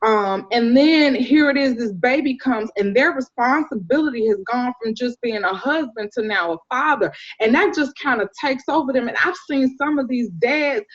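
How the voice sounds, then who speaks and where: A woman doula telling stories in a casual interview, animated and acting out the people she describes. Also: a little high, moderate pace, few pauses. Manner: animated storyteller, acts out voices, laughs often. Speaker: doula, podcast guest. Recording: dull lo-fi sound.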